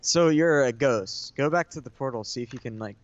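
Playing a co-op game with a friend, a man with a medium-pitched voice talks fairly quickly in casual gaming chat. He's laid-back, asks lots of questions and hedges with filler words; the audio is dull with no echo.

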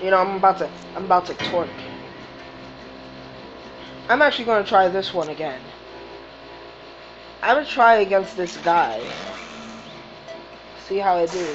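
A woman doing game commentary, swearing often and reacting loudly to the race. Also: fairly low pitch, moderate pace, pauses often. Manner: profane, excitable, swearing at the game. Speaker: gamer. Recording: dull lo-fi recording with game music.

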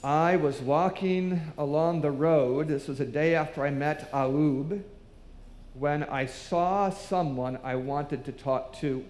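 A man's voice: on the high side, fairly even intonation, takes it slowly, darkish tone. Man preaching in an echoey church. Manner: storytelling, acts out quoted voices. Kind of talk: sermon with children's story.

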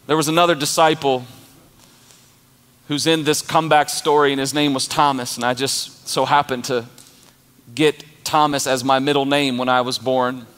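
A man's voice: medium pitch, little pitch movement, moderate pace, fairly bright tone, clear, resonant tone. A man preaching an emphatic, passionate sermon as pastor of his church. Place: church auditorium. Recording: long church reverb with music.

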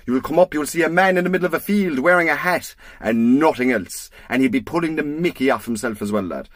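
A man voicing an old Irish man giving sat-nav directions in a low, slow manner. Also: expressive, no room sound, clean studio sound, close to an everyday voice. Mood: dry. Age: older.

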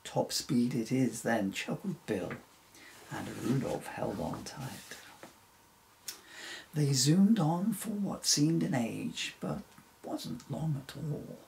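A man reading a rhyming children's story aloud in a slow, expressive way. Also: on the high side, creaky, slight background noise, rough recording.

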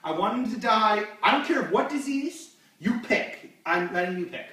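A man's voice: sits high, expressive, normal speed, sharp tone. A man hosting his own amateur stand-up show at home, rambling and crude, with lots of fillers. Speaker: host. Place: home living room. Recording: echoey room from far off.

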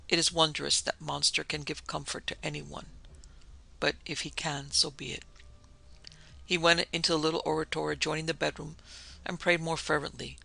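A man narrating a gothic ghost story as a podcast host, in a measured, solemn reading style with a gravelly voice. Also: a little high, level tone, sharp tone, low-quality recording.

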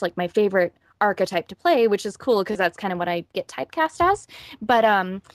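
A woman voice actress being interviewed, talking casually and quickly with frequent laughs. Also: mid-range voice, no room sound, studio quality. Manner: chatty, quick, laughs often.

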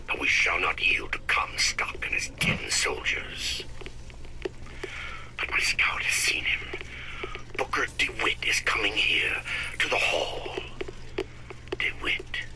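A grim old soldier in a video game who knows he is doomed. He speaks in a very deep, gravelly half-whisper and takes his time, while the pitch still rises and falls a good deal. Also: takes it slowly, long pauses, poor audio. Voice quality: gravelly, hushed. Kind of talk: game audio log recording.

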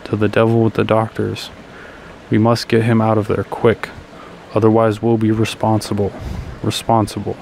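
A man's voice: lowish voice, completely flat delivery, moderate pace, creaky, darkish tone, a little hiss or hum, low-quality recording. A man reading a frightened old husband. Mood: anguished.

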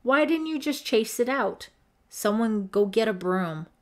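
A woman voicing an impatient, bossy teenage girl counselor who scolds in a brisk, disgusted way. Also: mid-range voice, close to an everyday voice.

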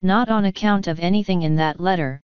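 Woman doing a disdainful aristocratic lord, curt and dry, low-pitched, very clear, muffled dry audiobook sound. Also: brisk, no echo, lightly acted. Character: cold sneering aristocratic English lord, middle-aged man. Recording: dull dry recording.

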